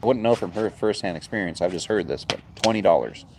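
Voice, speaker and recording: A deep-voiced man talks quickly with lively intonation over a noisy background. Hosting a casual phone livestream by his backyard bonfire, he chats in a rambling, easygoing way and chuckles a lot.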